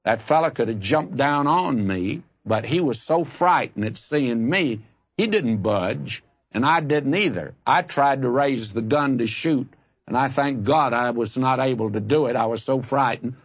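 A man's voice: medium pitch, measured pace, slightly rough, no echo, highs cut off. A man preaching a sermon, telling a personal story in a folksy, earnest way and rising to fervent appeals to his listeners. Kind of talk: radio Bible sermon.

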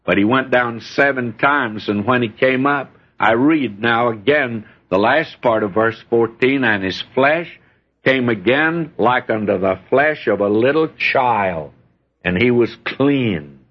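Husky folksy preacher man, lo-fi. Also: medium pitch, lively intonation, a little slow. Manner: folksy storytelling preacher, reads scripture aloud. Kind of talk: sermon. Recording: dull lo-fi recording.

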